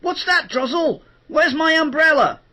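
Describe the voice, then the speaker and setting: A man voicing Smelly Beep, an excitable male cartoon creature in a panic, with high squawking shouts. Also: a little slow, exaggerated voice. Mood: panicked.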